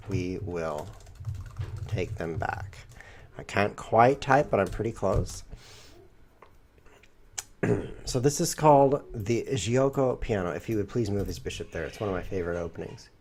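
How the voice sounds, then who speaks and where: A man's voice: deep voice, measured pace, pauses often, darkish tone, slight background noise. A man streaming a chess game, thinking aloud in a playful, rambling way. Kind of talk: live chess commentary.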